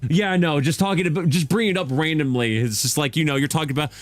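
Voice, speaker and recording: A man's voice: a little high, expressive, fast, gravelly, soft background music. A man streaming as a VTuber in a casual chat, talking with rambling enthusiasm and frequent restarts.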